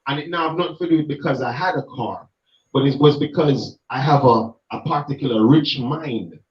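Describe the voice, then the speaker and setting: A man's voice: mid-range voice, moderate pace. A man with a Jamaican accent, an emphatic street gospel minister who preaches in patois during a conversation. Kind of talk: passionate reasoning conversation. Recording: echoey, distant, muffled sound.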